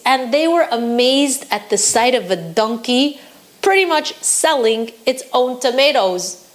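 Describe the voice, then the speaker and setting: Lively, higher-pitched woman telling a story. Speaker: Torah teacher. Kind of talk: storytelling lesson.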